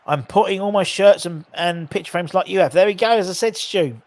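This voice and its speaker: A man's voice: sits high, brisk, darkish tone, no echo. A man hosting a live football watchalong, calling the play casually, joking and bantering with viewers in the chat. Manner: chatty, jokey, banter with viewers. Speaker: host of a live match watchalong.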